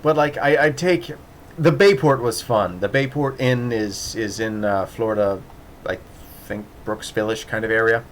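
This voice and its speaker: A man's voice: fairly low pitch, normal speed, slight background noise. A man telling a casual, rambling story with many restarts and laughs, acting out voices in the quoted dialogue. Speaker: podcast host.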